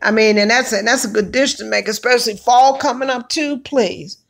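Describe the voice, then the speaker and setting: A woman hosting a casual livestream, chatty and hoarse from allergies, exclaiming and calling out to her viewers. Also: a little high, moderate pace. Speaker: livestream host.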